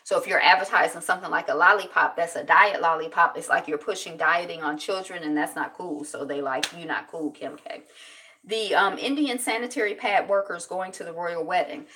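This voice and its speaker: A woman's voice: lowish voice, a little fast, few pauses, sharp tone, distant mic. A woman vlogger chatting casually through news items, rambling and thinking aloud.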